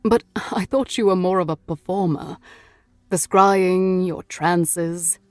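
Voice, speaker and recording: A woman voicing a calm, steady Victorian husband who speaks in a measured, reassuring way. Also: lowish voice, dry recording.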